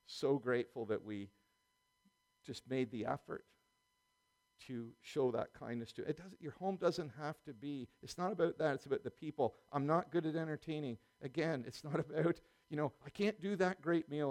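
A man's voice: mid-range voice, a little mellow. A middle-aged man preaching a sermon in a conversational way, full of restarts and small chuckles.

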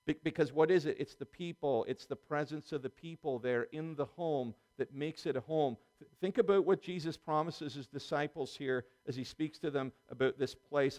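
A man's voice: medium pitch, moderate pace, hardly any pauses, darkish tone. A man preaching a sermon in a church, then leading the congregation in prayer. He talks earnestly, circles back over the same phrases and trips on the first words of his sentences. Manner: earnest, repeats phrases, stammers on starts. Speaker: pastor. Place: church service.

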